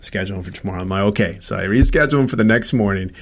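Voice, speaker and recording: Lowish-voiced man telling his story. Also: racing. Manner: acts out quoted dialogue, many restarts. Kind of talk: casual storytelling interview.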